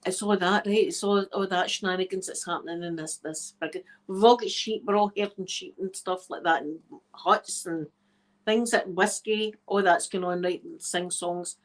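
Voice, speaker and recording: A woman's voice: lowish voice, fairly even intonation, moderate pace. Scottish woman, ASMR creator, casual storytelling, chatty, laughs a lot. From Scotland. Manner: chatty, laughs often, tag questions.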